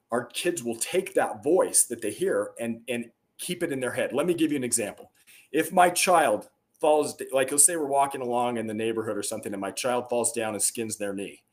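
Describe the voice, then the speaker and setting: A middle-aged man, a podcast guest, telling stories in an earnest, emphatic way, with bursts of rising energy. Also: mid-range voice. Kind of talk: conversational interview storytelling.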